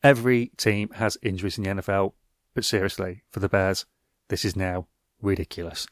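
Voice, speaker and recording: A man's voice: low voice, a little fast, no room sound. Dry-voiced man recapping football. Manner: wry, dry asides. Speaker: podcast host. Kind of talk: scripted sports recap.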